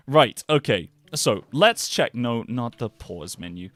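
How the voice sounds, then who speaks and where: A man's voice: on the low side, moderate pace, few pauses, a bit bright, dry recording. A man streaming a cozy video game, chatting with viewers in a joking, self-deprecating way, with game music playing behind. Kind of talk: casual game-stream chat.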